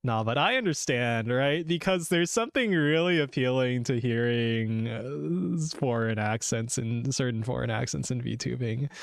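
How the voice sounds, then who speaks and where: A man's voice: medium pitch, dry recording, studio quality. A man chatting casually on a game-dev live stream, rambling from one aside to the next, swearing freely and laughing often. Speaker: VTuber game developer streamer.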